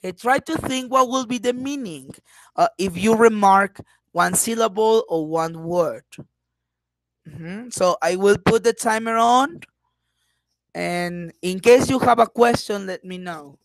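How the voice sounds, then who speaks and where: A woman's voice: mid-range voice, a little slow, no echo, low-quality recording. A woman English teacher leading an online class, patient and encouraging, dropping in frequent uh-huhs.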